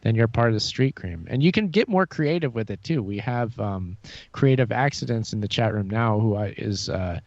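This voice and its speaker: A man hosting a podcast in casual chat, hesitant, with fillers and quiet laughs. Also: fairly low pitch, animated, normal speed, gravelly, dry recording, muffled recording. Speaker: podcast host.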